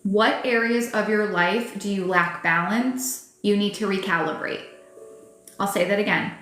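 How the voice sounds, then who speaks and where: A woman's voice: medium pitch, fairly even intonation, unhurried, a bit bright. A woman reading tarot live, talking to her viewers in a casual, emphatic way, full of fillers and restarts and the odd swear word. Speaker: tarot reader. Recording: roomy echo with faint music behind.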